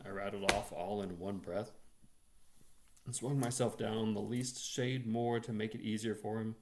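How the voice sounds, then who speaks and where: A man reading a short story aloud in a measured, expressive storytelling manner. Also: lowish voice, a little hiss or hum. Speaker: reader.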